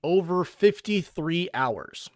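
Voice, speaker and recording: A man's voice: sits high, slow, dry recording. Man telling a gaming story in a dry room. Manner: animated storytelling with restarts. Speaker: co-host. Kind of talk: casual gaming podcast chat.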